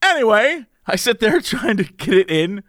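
A man's voice: high-pitched, moderate pace, no room sound, studio quality. A man telling a long story in casual chat, laughing often and acting out the people in it. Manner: animated, laughing often, mimics others in the story.

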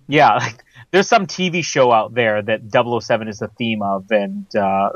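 A man's voice: on the low side, moderate pace. A man talking through a film on a casual podcast, rambling along with fillers and small laughs. His audio is dull and lo-fi, with a dry sound and no room echo. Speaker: podcast host.

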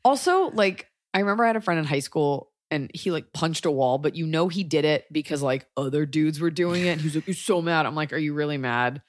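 A woman's voice: sits low, a little fast, hardly any pauses, dry recording, studio quality. A woman in her thirties hosting a podcast in casual chat, blunt and sarcastic, joking and swearing freely. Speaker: podcast host.

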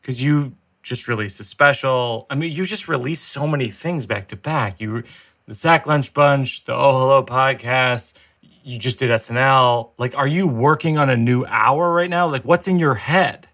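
A male podcast host in casual chat, spinning deadpan absurd bits. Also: mid-range voice, normal speed.

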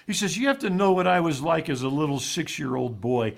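A man's voice: on the high side, lively intonation, a little fast, gravelly. Earnest, folksy man telling a story. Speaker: guest speaker. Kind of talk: storytelling on a talk show.

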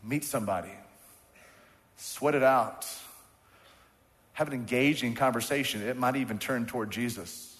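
A man delivers a sermon from the pulpit, pressing his points through repetition and calls for the congregation to answer. His mid-pitched voice carries a long reverb through the sanctuary. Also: moderate pace, long pauses, fairly bright tone. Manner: call-and-response preaching, emphatic repetition. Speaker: pastor. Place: church sanctuary. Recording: church hall with long reverb.

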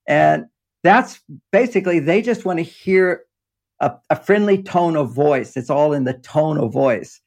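A man's voice: fairly high pitch, vocal fry, slightly rough. An older man talking in a rambling, explanatory way in a casual interview, often breaking into laughter, speaking from an underground home office. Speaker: relationship author and guest.

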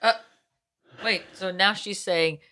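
A woman co-hosting a podcast in casual, joking chat, playful and quick with a gag. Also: medium pitch, sharp tone, no echo, clean studio sound. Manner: joking, playful, bursts into a fast auctioneer voice. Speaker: podcast co-host.

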